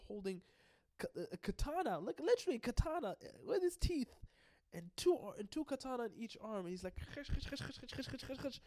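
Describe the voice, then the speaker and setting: A man giving an excitable, casual recap, swearing freely and often stumbling and restarting. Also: high-pitched. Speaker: anime and manga recap host.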